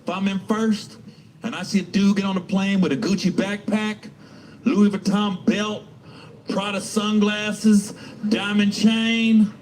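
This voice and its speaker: A man's voice: high voice, little pitch movement, unhurried, darkish tone, a little hiss or hum, low-quality recording. A middle-aged male stand-up comedian telling profane, rambling stories full of restarts.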